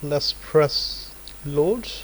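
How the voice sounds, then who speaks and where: A man teaching a live software tutorial in a casual lecturing manner, often checking in with "right?" and "okay?". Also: a little high, very slow, slight background noise, low-quality recording.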